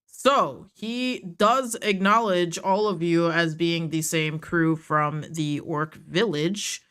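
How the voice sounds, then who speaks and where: Slow-talking casual woman game master. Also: fairly low pitch, a bit bright, smooth. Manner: casual and rambling, with frequent fillers and laughs. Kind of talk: narrating a tabletop game.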